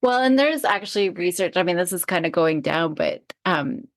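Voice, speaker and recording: A middle-aged woman with a fairly low voice, co-hosting a podcast. She talks in a relaxed, reflective way and keeps the chat easygoing. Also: normal speed. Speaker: podcast co-host. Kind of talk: casual chat.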